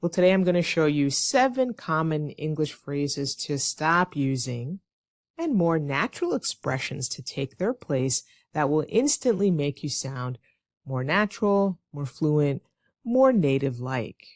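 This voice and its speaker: Lively American woman teaching English. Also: low voice, measured pace, dry recording, studio quality. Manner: lively, with playful acted-out example phrases. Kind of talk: online English lesson.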